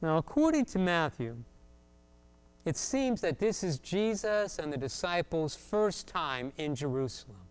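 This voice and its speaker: A man's voice: a little high, sing-song, unhurried, clean tone. A man from South Florida preaching a sermon, telling humorous stories and acting out the voices of people in them. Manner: humorous storytelling, acts out voices. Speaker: pastor.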